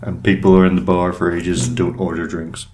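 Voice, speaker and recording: A man co-hosting a casual podcast chat, halting and repeating words, with dry sarcasm. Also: low voice, level tone, noisy background. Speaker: podcast co-host.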